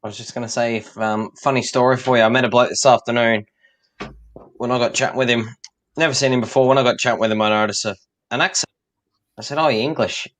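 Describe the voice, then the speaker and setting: A man in a casual football chat, relaxed and chatty, laughing as he tells a story. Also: mid-range voice, quick pace. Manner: relaxed, chatty, laughs while telling stories. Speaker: co-host.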